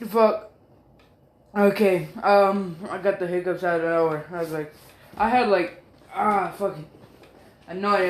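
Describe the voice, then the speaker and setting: A man's voice: high voice, fairly bright tone, reverberant. A man narrating a fan story in a rambling, casual way, swearing often and filling gaps with ums and apologies. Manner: rambling, profane, full of fillers and apologies.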